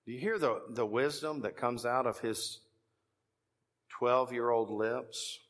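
A man's voice: medium pitch, slow, a bit bright, in a large hall. A man with a Texan accent preaching a sermon as pastor, telling stories in a conversational way and building to emphatic points. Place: church sanctuary.

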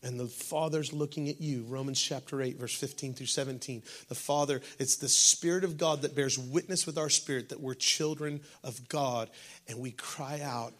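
A male pastor preaching a sermon, swinging from shouted passages to hushed, breathy tones. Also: mid-range voice, steady tone, normal speed.

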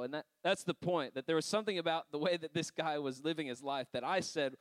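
A man's voice: fairly high pitch, quick pace, hardly any pauses, no echo. A man preaching a sermon, telling personal stories in a loose conversational way with frequent laughs and asides. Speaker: pastor.

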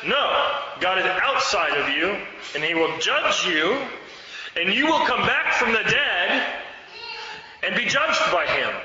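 A man's voice: high voice, bright, forceful tone, slight background noise. A man preaching a sermon, fervent and exhorting, urging his listeners to act. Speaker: pastor. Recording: echoey hall, dull sound.

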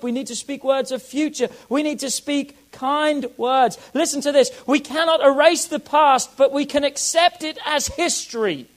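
A man preaching a sermon as a pastor, emphatic and repeating key phrases, swinging between loud declarations and soft asides. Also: extremely high pitch, rough recording.

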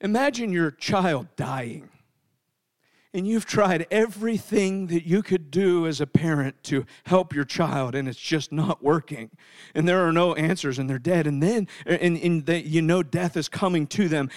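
A man's voice: on the high side, measured pace. A middle-aged man preaching a sermon and telling a family story, speaking emphatically and often repeating words as he starts sentences. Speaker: pastor.

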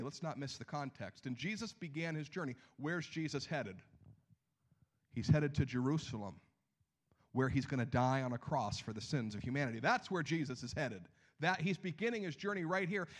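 A man preaching a sermon, animated, swinging between loud outbursts and hushed lines. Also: sits high. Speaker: pastor.

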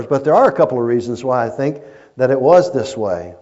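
Storytelling preacher with a muffled sound. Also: male voice, medium pitch, lively intonation, a little fast, a little mellow. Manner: storytelling preacher, rising and falling in intensity. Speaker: pastor. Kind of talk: sermon. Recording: muffled lo-fi recording.

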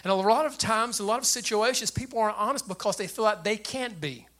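An older man, a grandfather, preaching a sermon to his church in an animated, plain-spoken way. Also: quick pace. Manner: animated preacher with a light, high voice and plain speech. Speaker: pastor.

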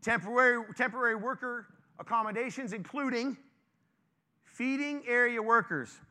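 Male pastor, high bright voice, chatty sermon, playful with the room. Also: normal speed. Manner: lively, conversational, joking with the congregation. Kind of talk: informal sermon to a congregation.

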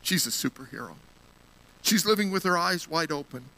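Bright-voiced man preaching. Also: a little high, lively intonation, moderate pace, low-quality recording. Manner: earnest storytelling, gets emotional. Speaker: guest speaker at a church. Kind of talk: sermon.

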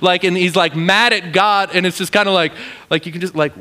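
Animated young-sounding pastor, bright voice. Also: male voice, high voice, brisk. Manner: animated, acts out quoted voices, lots of "like". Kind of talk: casual sermon.

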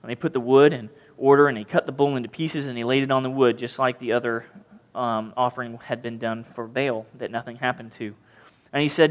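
A man preaching a sermon as pastor, reading scripture and acting out scenes with mocking, lively voices. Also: medium pitch, moderate pace. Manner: animated, mocking voices when retelling the story.

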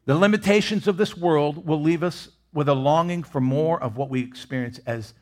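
A man preaching a sermon as pastor, expressive, swinging between loud emphasis and hushed, near-whispered lines. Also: on the high side, normal speed.

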